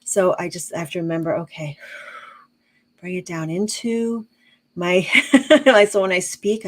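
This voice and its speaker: A middle-aged woman chatting calmly as an interview guest, explaining with long examples and many fillers. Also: mid-range voice, moderate pace, rough recording. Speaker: guest, intuitive medium and teacher. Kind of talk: casual interview chat.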